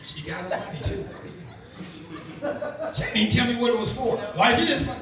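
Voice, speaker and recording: A middle-aged man hosting a stand-up comedy show, telling loose, profane stories in an animated way. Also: high voice, fairly quick, crowd noise. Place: comedy club. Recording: very echoey room, heard from far off. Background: audience laughing.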